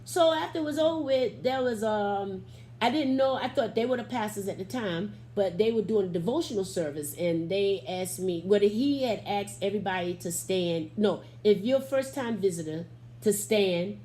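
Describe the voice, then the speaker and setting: A middle-aged woman giving an animated, expressive testimony as an interview guest, acting out the quotes in her story. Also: medium pitch, normal speed, a little hiss or hum. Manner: Southern Black church vernacular, expressive, acts out quotes.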